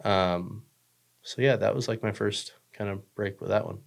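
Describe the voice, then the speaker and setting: A young man with a lowish voice talks loosely on a podcast. He rambles through filler words, swears freely and cracks jokes at his own expense. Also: fairly even intonation, moderate pace, gravelly. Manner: rambling, profane, joking, lots of fillers. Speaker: podcast guest. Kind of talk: casual chat.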